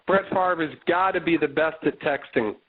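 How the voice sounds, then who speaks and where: A man's voice: fairly high pitch, moderate pace, slight background noise, lightly acted. A man playing along as a male broadcast booth partner, teasing and mock-scolding his co-commentator. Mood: playful. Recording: tinny phone-like lo-fi audio.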